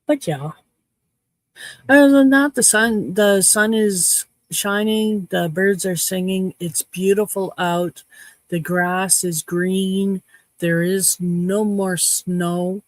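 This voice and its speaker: A woman's voice: medium pitch, steady tone, takes it slowly, dry recording. A woman in her fifties from Canada, casually chatting with her livestream viewers in a cheeky, playful way. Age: 50s. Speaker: livestream host.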